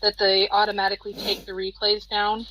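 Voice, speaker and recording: A woman's voice: medium pitch, monotone, brisk, sharp tone. A woman chatting casually, recounting events in a matter-of-fact way. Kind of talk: casual chat. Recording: dull lo-fi audio with faint noise.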